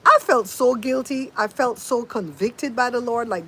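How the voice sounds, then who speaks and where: This grandmother's voice leans high, animated and a bit bright, at a normal speed. Out in the wind, with its faint noise audible, she hosts a relaxed livestream, greeting viewers by name, sharing stories, and mimicking sounds.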